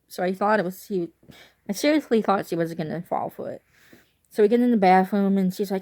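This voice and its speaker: A woman's voice: mid-range voice, expressive, fairly quick, dark tone. A young adult woman vlogging, telling a casual, rambling story that turns wistful at times.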